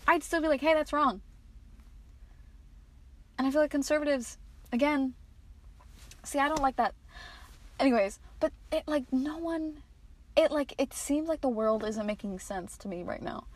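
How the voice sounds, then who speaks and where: A woman's voice: high-pitched, moderate pace, long pauses, darkish tone, rough recording. A nineteen-year-old American woman hosting her own podcast from inside a parked car, talking candidly and rambling with restarts and swearing. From United States. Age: late teens. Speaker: podcast host. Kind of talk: solo podcast monologue.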